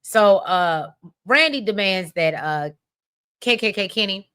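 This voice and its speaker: A woman's voice: mid-range voice, expressive, slow, fairly bright tone, clean tone. A woman hosting a soap opera recap channel, talking casually to her viewers and calling them y'all. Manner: chatty, addresses viewers as y'all, drops into quoted voices.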